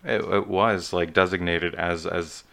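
A man with a deep, smooth, resonant voice chats casually as a co-host. He rambles through notes with lots of ums. His talk stays loose and conversational. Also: steady tone, measured pace, a bit bright. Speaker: podcast co-host. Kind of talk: casual chat.

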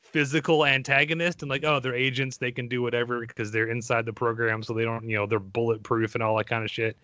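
Bright-voiced, rambling male podcast host. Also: medium pitch, flat delivery, fast, no room sound, dull audio. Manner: enthusiastic, rambling, self-deprecating. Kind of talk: casual podcast chat.

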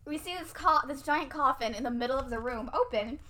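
A young woman with a high, bright voice recaps a film in casual chat. She talks in a loose, chatty way, laughs often and fills her sentences with "like". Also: a little fast.

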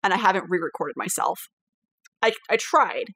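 A woman hosting a podcast as game master, chatting casually, animated, swearing freely and laughing often. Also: fairly low pitch, moderate pace, no echo.

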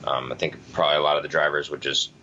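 A man with an extremely low, forceful voice, chatting casually as a podcast co-host. He rambles thoughtfully and restarts his sentences often. The audio is slightly dull, with a faint hiss behind him. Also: flat delivery, rapid-fire. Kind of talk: casual chat.

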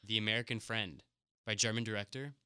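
A man's voice: lowish voice, steady tone, brisk, sharp tone, clear, resonant tone, no room sound, clean studio sound. A man from France co-hosting a movie podcast, chatting casually and joking around. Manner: joking, laughs a lot. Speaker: podcast co-host. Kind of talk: casual chat.

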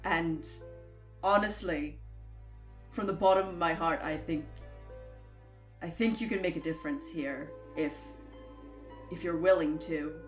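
A sheepish, weary townsman in a tabletop game, halting and earnest as he begs for help, put on by a woman game master. The voice sits low and drawls slowly. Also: faint music behind. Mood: pleading.

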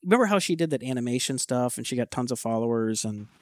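A man's voice: medium pitch, fast, dry recording, clean studio sound. A man co-hosting a podcast in casual chat, telling stories with frequent laughter and casual swearing. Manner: animated storyteller, laughs often, swears casually. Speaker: podcast co-host.

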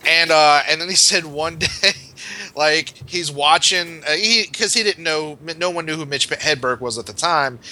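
A man's voice: a little high, normal speed, bright, forceful tone, a little hiss or hum. A man hosting a comedy podcast, telling a rambling anecdote in casual chat. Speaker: podcast host.

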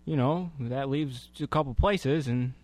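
A man guesting on a comedy podcast, talking deadpan with halting pauses and many fillers. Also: mid-range voice.

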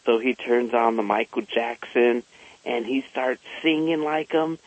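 A man telling a personal story in a slow, unhurried, conversational way. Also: mid-range voice, dry recording. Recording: slightly dull lo-fi recording.

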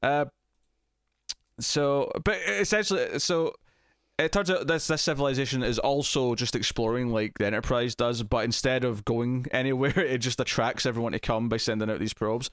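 A man in casual podcast chat, recapping a TV episode in a rambling, animated way and acting out quotes. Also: medium pitch, moderate pace, clean tone, dry recording, studio quality. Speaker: podcast co-host.

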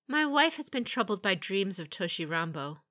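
A woman voicing a calm, measured male samurai lord who speaks formally and with restraint. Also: mid-range voice. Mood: grave.

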